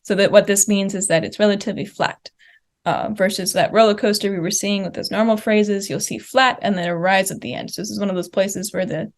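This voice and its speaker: A woman's voice: mid-range voice, steady tone, brisk. A young woman presenting linguistics research at a conference, explaining slide examples step by step with occasional fillers. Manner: uses fillers like uh and um.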